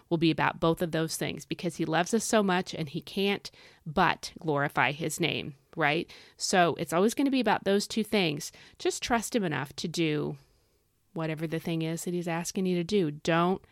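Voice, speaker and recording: A woman's voice: lowish voice, gravelly, no room sound, clean studio sound. A woman hosting a devotional podcast, reading a psalm and teaching from it in an earnest, conversational way, repeating key phrases for emphasis and speaking straight to the listener.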